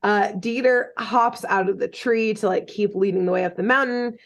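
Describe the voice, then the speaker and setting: A woman's voice: medium pitch, normal speed, vocal fry. A woman co-hosting a podcast, retelling a cartoon episode in a jokey, rambling way with many fillers and laughs. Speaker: podcast co-host recapping a cartoon. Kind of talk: casual chat.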